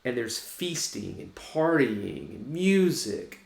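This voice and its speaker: A man's voice: mid-range voice, big pitch swings, slow pace, vocal fry. A man pastor giving a reflective, conversational sermon in a church. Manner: reflective, conversational preaching with restarts. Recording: echoey room.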